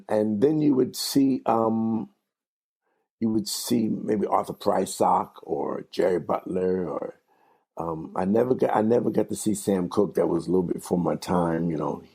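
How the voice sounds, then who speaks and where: Interview guest: older jazz singer from New York, deep husky voice, lively rambling storyteller. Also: male voice. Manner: animated, laughing storyteller with restarts.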